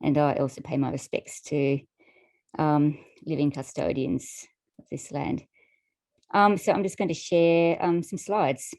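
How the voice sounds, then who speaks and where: A woman with a low voice gives a guest talk over a video call, sharing slides as she goes. Her delivery is casual and a little hesitant, full of ums and light laughs. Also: dark tone. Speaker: guest speaker. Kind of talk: presentation with slides.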